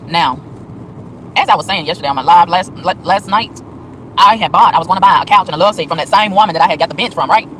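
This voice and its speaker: A man ranting with animated, profane exasperation on a live stream from his car on city streets, with faint traffic noise behind him. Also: high-pitched, fast, rough recording. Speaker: vlogger. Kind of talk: live-stream rant while driving.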